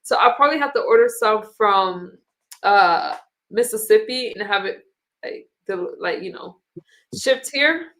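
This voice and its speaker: A woman's voice: mid-range voice, lively intonation, a little slow, fairly bright tone. A woman hosting a live stream, chatting casually in a rambling way and laughing easily. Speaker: streamer host.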